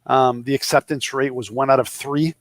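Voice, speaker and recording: Recorded dry, this medium-pitched male voice keeps a fairly even intonation and a normal speed. He's an entrepreneur in his fifties from the Boston area, with the accent to match, guesting on an interview and telling funny stories in which he imitates the other characters.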